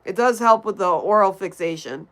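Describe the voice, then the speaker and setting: Smooth-voiced woman chatting to her stream. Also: medium pitch, normal speed, rough recording. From Connecticut. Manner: chatty, greets viewers by name. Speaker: livestream host. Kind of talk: casual chat reading viewer comments.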